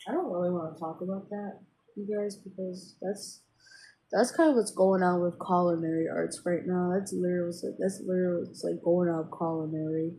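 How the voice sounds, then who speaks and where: A woman talks straight to her viewers in a loose, rambling vent, circling back on her words and filling gaps with fillers. Her voice sits a little low for a woman and has a mellow, dark tone. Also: steady tone, fairly quick, a little hiss or hum, rough recording. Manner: rambling, with many fillers and restarts. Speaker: vlogger. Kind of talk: casual personal venting to camera.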